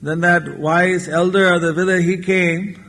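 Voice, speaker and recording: A man giving a storytelling sermon as a spiritual lecturer, unhurried and acting out the characters in his tale. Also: sits high, steady tone, a bit bright. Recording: 1994 lecture tape with long hall reverb.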